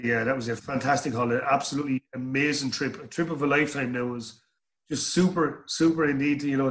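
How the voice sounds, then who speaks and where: A man's voice: mid-range voice, fairly bright tone. A middle-aged Irish man telling stories in an interview, rambling and repeating words as he goes. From Ireland. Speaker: guest. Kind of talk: storytelling interview.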